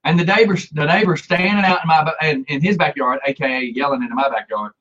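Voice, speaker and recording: A man telling a story in casual chat, animated and laughing, acting out the people he quotes. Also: a little high, fast talker, slightly rough. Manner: animated, acts out quoted voices, laughs often. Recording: dull lo-fi sound.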